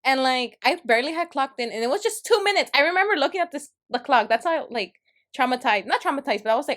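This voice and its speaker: A young woman co-hosts a casual podcast, telling a story with plenty of laughter. Her voice sits a bit high and swings widely in pitch as she tells it. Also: fast talker. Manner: animated storytelling with frequent laughter. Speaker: podcast co-host. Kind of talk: casual chat.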